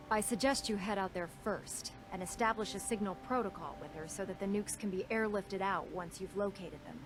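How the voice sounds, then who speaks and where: A brisk female engineer officer in a video game, laying out orders in a businesslike tone, as a woman plays her. Her voice sits in an ordinary middle pitch. Game music runs clearly behind her. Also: natural voice. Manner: businesslike briefing.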